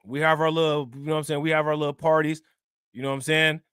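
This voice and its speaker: A man's voice: on the high side, level tone, fast talker, fairly bright tone, smooth, no echo, clean studio sound. A man hosting a crypto livestream in casual chat, joking, laughing and slangy. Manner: joking, laughing, slangy, repeats "you know what I'm saying".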